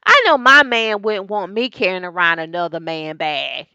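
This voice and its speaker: A woman reviewing a reality TV show in a casual, gossipy vlog, talking straight to her viewers and getting animated when excited. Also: a little high, moderate pace, hardly any pauses, clear, resonant tone, dry recording. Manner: chatty and gossipy, talks straight to viewers as "y'all" and "girl". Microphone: desk microphone.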